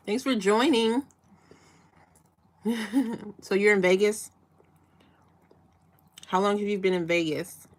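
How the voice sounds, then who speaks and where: A woman's voice: mid-range voice, steady tone, very slow, pauses often. A woman from Chicago hosting a casual live chat, asking rambling questions with frequent restarts and fillers. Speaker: livestream host.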